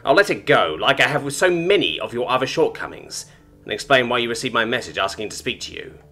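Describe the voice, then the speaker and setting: A man's voice: medium pitch, big pitch swings, fast, pushed and bright, soft background music, exaggerated voice. A man voicing a haughty, cold female alien information broker in a storybook reading, with clipped, formal, disdainful speech. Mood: annoyed.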